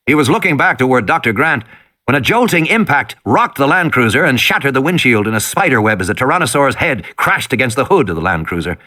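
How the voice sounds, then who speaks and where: A man's voice: mid-range voice, big pitch swings, brisk, bright, forceful tone. Dramatic male audiobook narrator. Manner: dramatic, rises and falls with the tension. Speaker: audiobook reader.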